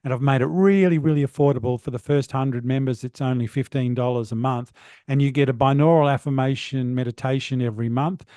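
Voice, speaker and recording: A man's voice: mid-range voice, steady tone, a little fast, warm tone, dry recording, clean studio sound. A middle-aged man who is a guest on a podcast, talking earnestly about wellness coaching. He rambles with many fillers. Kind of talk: motivational podcast conversation.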